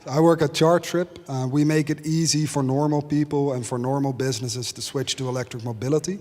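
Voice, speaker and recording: A man from the Netherlands, a company founder speaking on a conference panel with a confident, crisp pitch and dry humor. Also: fairly even intonation, fairly quick, a little mellow. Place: conference stage in a large hall. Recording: long reverb of a large hall.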